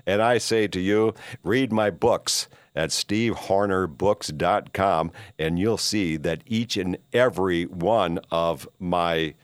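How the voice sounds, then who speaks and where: An older man with a low, smooth voice hosts a podcast, slowly delivering a rambling, opinionated monologue with few pauses. He uses lots of "uh" fillers and emphatic rhetorical questions, and there's no room sound.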